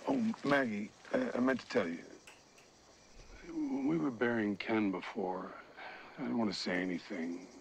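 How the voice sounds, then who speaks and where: An actor playing a smooth-talking middle-aged male community leader, speaking in a measured, conciliatory way. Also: on the low side, slight background noise, poor audio.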